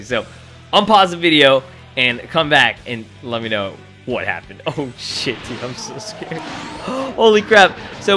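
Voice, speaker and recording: Excitable young male let's-player, bright and animated, game music faint behind. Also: a little high. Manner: excitable, swears a lot, hype exclamations. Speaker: gaming YouTuber. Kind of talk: gameplay commentary.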